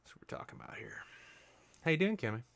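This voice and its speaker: A male podcast host riffing absurd deadpan bits in easy casual chat. His pitch moves a lot as he jokes, and the sound is close and dry with no room. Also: quick pace, creaky, no room sound.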